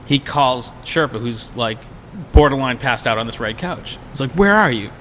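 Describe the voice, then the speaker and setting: Guy on a podcast telling a wild drinking story, bright voice, gets loud on the quotes, faint hiss behind. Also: mid-range voice, moderate pace. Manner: animated, acts out quotes in a raised voice. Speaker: podcast guest. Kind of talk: casual storytelling.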